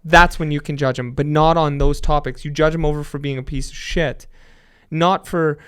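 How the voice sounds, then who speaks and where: A young man telling stories as a podcast guest, animated and full of swearing. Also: a little high, moderate pace, smooth. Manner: profane, animated storytelling. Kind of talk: casual chat.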